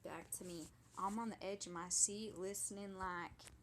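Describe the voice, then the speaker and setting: A woman comedian making incredulous, deadpan asides while telling a comic story. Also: mid-range voice, moderate pace, a little hiss or hum.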